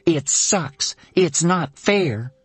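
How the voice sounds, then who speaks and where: A fiery, blunt woman of an audiobook drama, put on by a male narrator, raised well above his own pitch. She scolds in fast, cutting bursts, and the recording is close and dry with no room sound. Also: expressive, darkish tone, husky, no echo. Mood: intense. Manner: mocking then furious, rapid scolding. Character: fierce blunt woman who survived a hard injury, fiery. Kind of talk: audiobook character voice.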